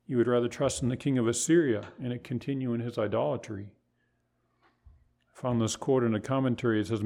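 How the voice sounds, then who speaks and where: Male pastor, mid-pitched, emphatic preaching style. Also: darkish tone. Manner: emphatic preaching with rhetorical questions. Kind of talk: sermon.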